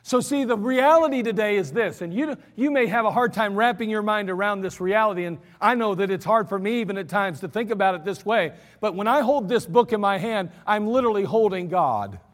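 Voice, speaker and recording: A man preaching an emphatic sermon, slowing down and repeating lines for stress. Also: high-pitched, lively intonation, big-room sound. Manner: emphatic, repetitive, slows for stress.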